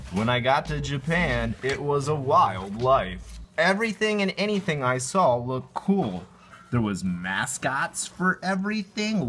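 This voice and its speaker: A man in his thirties narrating his life story over drawings, goofy and animated, with silly sound effects. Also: mid-range voice.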